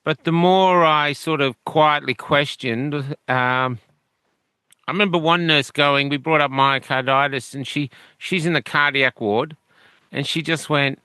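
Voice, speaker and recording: Bright, smooth-voiced Australian man. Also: on the high side, measured pace, no room sound. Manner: rambling, with many fillers and restarts. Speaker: interview guest. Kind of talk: conversational storytelling.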